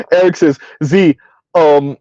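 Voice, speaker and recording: A man's voice: fairly high pitch, steady tone, slow, mellow, no room sound, lo-fi sound. A man hosting a casual livestream commentary, emphatic and rambling, chuckling between points. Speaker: commentary channel host.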